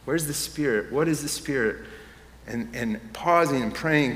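A man's voice: medium pitch, measured pace, fairly bright tone. A man preaching a sermon as pastor, conversational at first and rising to impassioned emphasis. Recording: echoey hall with faint room ambience.

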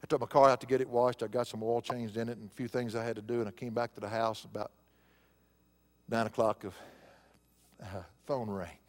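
A man's voice: mid-range voice, fairly even intonation, fairly quick, pauses often, in a large hall. A male pastor preaching a sermon, telling a personal story in a conversational way and rising to emphatic preaching.

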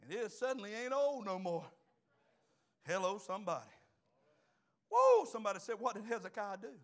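A man's voice: high-pitched, animated, a little fast. A man around sixty, preaching a fervent, folksy sermon to his congregation. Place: church in front of a congregation.

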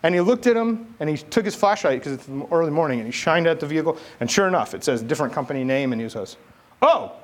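A middle-aged man preaching a sermon from the United States, talking in a relaxed, conversational way and telling a personal story with lively delivery. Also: very fast, few pauses. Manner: conversational, animated storytelling with rising pitch in quoted dialogue. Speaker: pastor.

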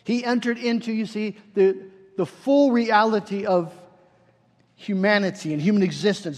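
A man's voice: high-pitched, a little slow, darkish tone, long reverb tail. A man preaching a sermon, earnest and building to fervent emphasis, often restarting his phrases.

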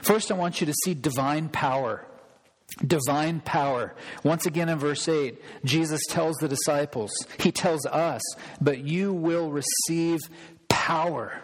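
A pastor delivering a sermon, emphatic and repeating key phrases for weight. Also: male voice, on the high side, measured pace, breathy edge. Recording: long reverb of a large hall.

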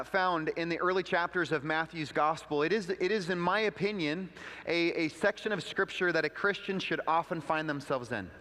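A man's voice: fairly high pitch, sharp tone, long reverb tail. A man pastor delivering a conversational sermon, telling stories with quoted asides and leading a prayer. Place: church sanctuary.

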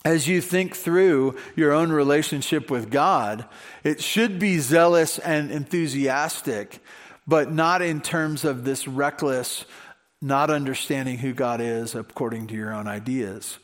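A man's voice: medium pitch, measured pace. A male pastor preaching a sermon in a conversational way, with rhetorical questions. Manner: conversational, many fillers and restarts, rhetorical questions.

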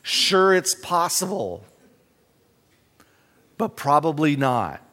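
A man's voice: on the high side, sing-song, slow pace, pushed and bright. A man teaching a Bible study in a conversational way, reading scripture aloud with emphasis. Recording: long reverb in a hall.

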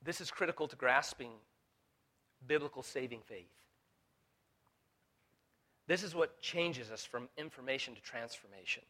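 A man preaching a sermon as pastor, building to fervent peaks, with halting restarts and fillers along the way. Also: medium pitch, bright, forceful tone. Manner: preaching with rising intensity, voicing Jesus in quotes.

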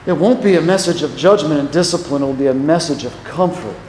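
A man preaching a sermon, lively and acting out the voices in the passage he reads. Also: a little high, fast, a little hiss or hum. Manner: animated, acts out the voices of the passage. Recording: echoey hall with long reverb.

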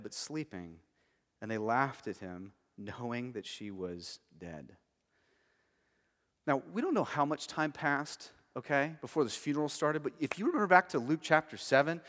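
A man preaching an expository sermon, swinging between loud emphatic stretches and very quiet passages, checking in with listeners with "okay" and "right". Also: medium pitch. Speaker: pastor. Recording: long hall reverb.

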